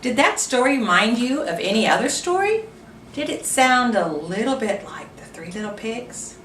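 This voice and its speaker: A woman librarian reads a picture book aloud at children's storytime, her voice on the high side and her delivery animated at normal speed, pausing to ask listeners questions. The sound is roomy and distant, with slight background noise.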